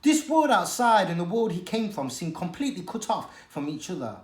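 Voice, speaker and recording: A teacher reads a children's novel aloud with an expressive, dramatic storytelling manner. The pitch rises and falls a lot, the voice sits in a middle register, and the room has a noticeable echo. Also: brisk. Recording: echoey room.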